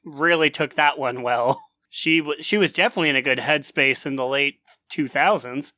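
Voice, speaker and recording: A man's voice: on the high side, normal speed, sharp tone, dry recording. A man co-hosting a casual gaming podcast, making wry teasing jokes. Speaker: podcast co-host. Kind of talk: casual chat.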